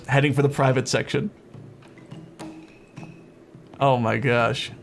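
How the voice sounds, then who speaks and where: A man's voice: medium pitch, steady tone, takes it slowly, creaky, pauses often, soft background music. A man doing casual let's-play commentary, amused, reading game text aloud as he plays. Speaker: gameplay streamer.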